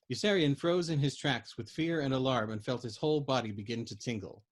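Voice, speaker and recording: A man narrating a novel aloud at a steady storytelling pace, with the odd throat clear and slip. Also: medium pitch, fairly quick, few pauses. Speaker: audiobook reader.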